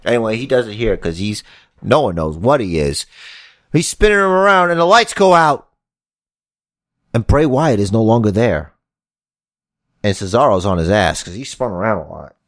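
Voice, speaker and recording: A man hosting a podcast in casual chat, telling a comic wrestling story in an animated, joking way and swearing casually. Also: lowish voice, normal speed, pauses often, dry recording, clean studio sound. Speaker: podcast host.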